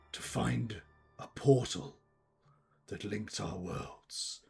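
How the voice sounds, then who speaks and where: A man voicing a scheming villain who hates Christmas, slow and menacing. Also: mid-range voice, gravelly, a bit bright, breathy edge, heavily acted.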